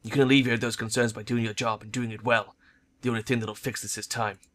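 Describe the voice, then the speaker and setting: A man's voice: medium pitch, flat delivery, fast talker, a bit bright, natural voice. A man voicing a blunt female troll soldier. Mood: stern. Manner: curt, clipped, unsentimental.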